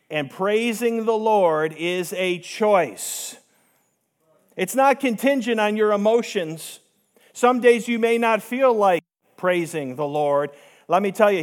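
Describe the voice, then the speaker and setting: A man preaching a sermon, emphatic, with rhetorical questions and repetition. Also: high voice.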